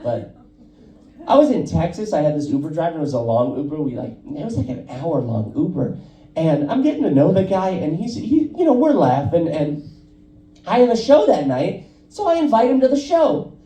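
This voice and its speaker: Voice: mid-range voice, sing-song, moderate pace, mellow, echoey room, recorded from a distance, poor audio. A stand-up comedian telling loose, profane stories on a club stage and laughing at their own jokes. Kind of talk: stand-up set at an open mic.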